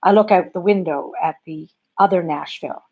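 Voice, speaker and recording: A comic storyteller from Canada, telling a bedtime story in a wry, conversational, self-deprecating way. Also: female voice, fairly low pitch, normal speed, narrow, tinny audio.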